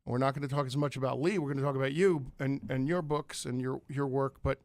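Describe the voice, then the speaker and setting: A man's voice: medium pitch, fairly even intonation, quick pace, no echo. An American man hosting a radio studio interview, chatting casually and rambling with self-deprecating asides. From United States. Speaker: radio show host. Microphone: studio microphone.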